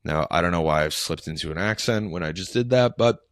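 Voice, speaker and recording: A man's voice: sits low, fairly quick, smooth, no room sound, clean studio sound. A young man, a fitness coach, hosting his own podcast alone and rambling casually with lots of fillers and restarts. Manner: rambling, loose and unscripted, with many fillers and restarts. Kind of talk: casual solo podcast talk.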